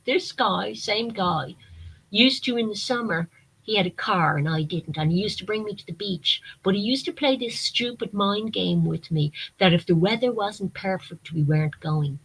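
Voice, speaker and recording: A woman frankly telling personal stories, briskly mimicking people she quotes. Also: mid-range voice, husky, poor audio. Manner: frank, animated, quick to mimic others. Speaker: vlogger. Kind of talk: candid personal storytelling.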